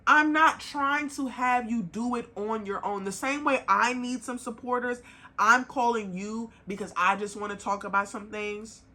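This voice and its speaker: A young woman runs her podcast like a straight-talking rant, bright and sharp in tone and sitting a little high. She is blunt and swears freely, her heat rising before she pulls herself back to calm. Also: normal speed. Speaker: podcast host. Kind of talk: casual monologue.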